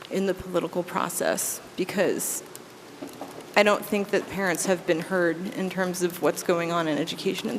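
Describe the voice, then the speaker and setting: A woman in her thirties delivers an earnest, impassioned statement at a public meeting. Her voice sits in a mid range and carries through a long-reverberating hall. A faint hum of room noise sits underneath. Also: medium pitch. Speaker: school committee member.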